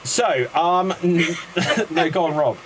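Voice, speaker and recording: Male improv host, slightly high voice, faint hiss, jokey and quick. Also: expressive. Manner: jokey, quick, laughing between prompts. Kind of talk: casual comedy banter.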